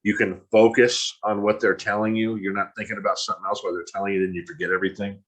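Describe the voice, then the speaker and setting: Middle-aged male motivational speaker, low husky voice, candid and self-deprecating. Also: flat delivery, fast, poor audio. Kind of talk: motivational talk.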